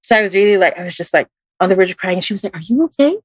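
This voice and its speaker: A woman's voice: racing, no echo. A woman with a Filipino accent, a tarot reader guest on a podcast, telling a story casually with lots of fillers and restarts, and acting out the voices she quotes. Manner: animated, acts out quoted voices with big jumps in pitch.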